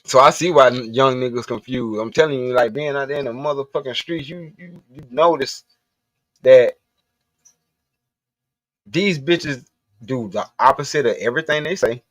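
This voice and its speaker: A man's voice: mid-range voice, moderate pace, pauses often, dry recording. Blunt, profane man ranting. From Southern US. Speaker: livestream host. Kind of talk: casual ranting monologue.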